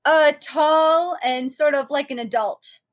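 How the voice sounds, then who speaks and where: A woman's voice: sits high, takes it slowly. A woman playing in a tabletop game, speaking tentatively and asking questions. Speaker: player. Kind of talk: casual tabletop play.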